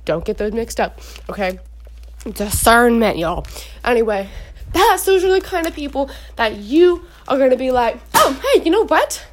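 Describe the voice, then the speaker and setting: A young woman with a bright, high voice talks casually to her viewers from home, giving Christian advice on relationships. She is chatty and animated, full of asides and quick restarts. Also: slight background noise. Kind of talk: casual faith talk to camera. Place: at home indoors.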